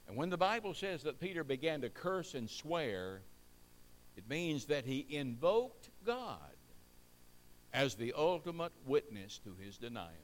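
A man preaching a sermon, repeating key phrases for emphasis and asking the congregation rhetorical questions. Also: mid-range voice.

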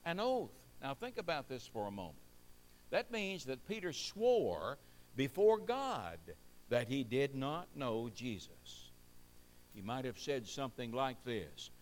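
A man's voice: medium pitch, very animated, measured pace. A man preaching a sermon, repeating key phrases for emphasis and asking the congregation rhetorical questions.

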